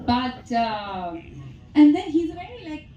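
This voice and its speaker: A woman's voice: high-pitched, big pitch swings, measured pace, dark tone, recorded from a distance, highs cut off. A woman in her thirties with an Indian English accent, an actress telling chatty stories at a press meet and laughing often. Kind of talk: press conference answers. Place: press hall. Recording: echoey hall, faint background noise.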